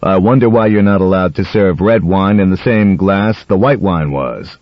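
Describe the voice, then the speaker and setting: Brief: low, grumbling blunt husband, read by a man, dry flat sound. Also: normal speed, dry recording, lightly acted. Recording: dull dry audiobook recording.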